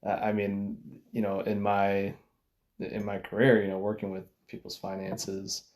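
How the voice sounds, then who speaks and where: A man hosting a casual conversation, speaking in a calm, agreeable way with short affirmations. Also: lowish voice, moderate pace. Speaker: host.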